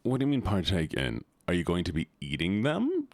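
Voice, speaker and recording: A man's voice: low voice, huge pitch swings, fairly quick, few pauses, no echo. A man streaming a game, chatting playfully and talking to his viewers as if they were pets. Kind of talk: casual chat while gaming.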